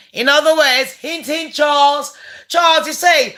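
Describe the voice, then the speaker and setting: A woman rants through a letter line by line, swearing freely and mocking every phrase. Her voice sits a little high and comes across bright and forceful. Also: unhurried. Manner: profane, sarcastic, mocking. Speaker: channel host. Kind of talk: ranting commentary on a letter.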